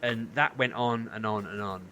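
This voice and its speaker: A man's voice: lowish voice, normal speed, slight background noise. A man, co-hosting a podcast, telling a story in casual chat and acting out what people said. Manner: animated storytelling, acts out quotes. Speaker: podcast co-host.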